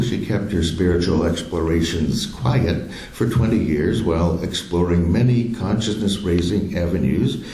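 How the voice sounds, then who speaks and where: Guy with a real deep mellow voice reading an intro, echoey room. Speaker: service host introducing the speaker. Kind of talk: read introduction.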